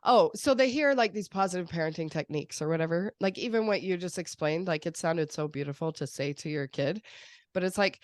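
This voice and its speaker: A woman hosting a podcast in casual chat, animated and acting out quoted voices with laughs. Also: lowish voice, a little fast, no echo, clean studio sound. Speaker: podcast host.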